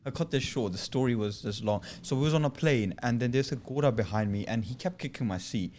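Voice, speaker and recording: A man's voice: mid-range voice, a little fast, darkish tone, slight background noise. A man with a British accent, a podcast guest chatting casually and telling a story, acting out the people he quotes. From United Kingdom. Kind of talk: casual chat.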